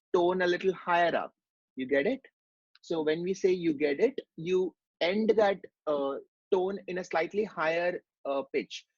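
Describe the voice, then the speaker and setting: A man's voice: sits high, breathy edge, no room sound, dull audio. A man giving a medical lecture, explaining step by step and asking rhetorical questions.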